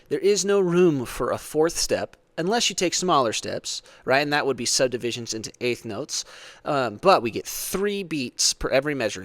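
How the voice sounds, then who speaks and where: A man's voice: mid-range voice, fairly bright tone, dry recording. A man teaching a church music lesson, explaining patiently, counting beats aloud, and often asking "right?". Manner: conversational, frequent "right?".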